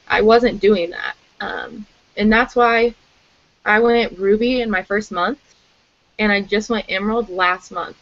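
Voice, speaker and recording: A woman's voice: medium pitch, a little slow, gravelly, dry recording. Chatty young woman on a muffled call. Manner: chatty, filler-heavy, candid. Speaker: team member sharing advice. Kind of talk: casual group call.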